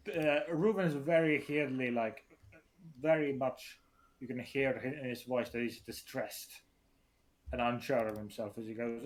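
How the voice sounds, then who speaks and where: A man with an ordinary mid-range voice plays a tabletop role-playing game. He pauses often and thinks aloud while he plans his character's actions. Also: mid-range voice. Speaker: player.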